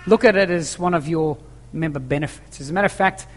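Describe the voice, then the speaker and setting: A man's voice: fairly high pitch, fast. A man preaching a sermon to his congregation in a church hall, emphatic, repeating key phrases and asking rhetorical questions. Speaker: pastor. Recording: long echoing church reverb.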